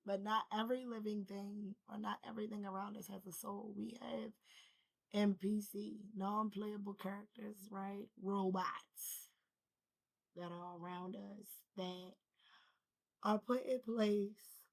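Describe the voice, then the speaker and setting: A woman's voice: medium pitch, fairly even intonation, takes it slowly, vocal fry, low-quality recording. A woman feeling unwell, talking loosely and conversationally to her viewers about spiritual balance, rambling and calling them y'all. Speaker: spiritual vlogger. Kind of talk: casual spiritual talk to camera.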